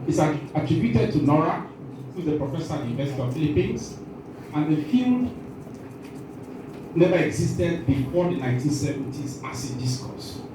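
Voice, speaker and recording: Leading a training session in a big conference room, this Nigerian man quizzes attendees, jokes, and breaks off mid-thought, a little nervous and shaky. He sounds a little high with lively intonation at normal speed, picked up far away in an echoey room with background noise.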